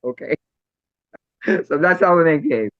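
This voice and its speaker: A middle-aged man, a makeup artist and female illusionist, telling stories in an interview with lively acted-out quotes and frequent laughter. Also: a little high, measured pace, no room sound. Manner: animated, acts out quoted voices, laughs often. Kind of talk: storytelling interview. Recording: dry, slightly dull lo-fi recording.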